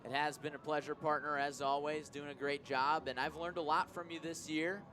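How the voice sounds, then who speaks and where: A man's voice: fairly high pitch, flat delivery, normal speed, pushed and bright. A young man giving color commentary on a baseball radio broadcast, talking enthusiastically and thanking people. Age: young adult. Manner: enthusiastic, grateful, rambling. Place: outdoor ballpark broadcast booth. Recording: ballpark crowd noise behind.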